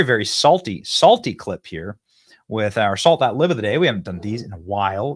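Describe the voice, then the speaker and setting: A male host riffs sarcastically in his studio, his pitch leaping all over the place. The sound is close and dry, with no room echo. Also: brisk. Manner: animated, sarcastic, laughs often. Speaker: political commentary show host. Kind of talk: casual mocking commentary.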